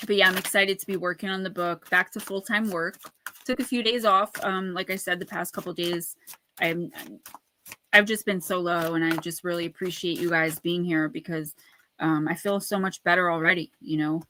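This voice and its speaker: A woman's voice: lowish voice, fairly even intonation, normal speed, sharp tone, a little hiss or hum. A woman chatting casually on a livestream, talking straight to her viewers and laughing often while she reads oracle cards aloud. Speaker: livestream oracle card reader and author. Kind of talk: casual livestream chat and card reading.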